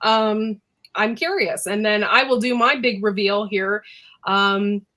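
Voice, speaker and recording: A woman's voice: medium pitch, slow, pushed and bright, rough recording. A woman hosting a casual live chat, talking chattily and laughing often. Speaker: host.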